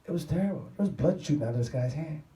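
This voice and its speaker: A man being interviewed, telling a rambling anecdote in an excitable, profane way. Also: a little high, racing. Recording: roomy sound from a distant mic.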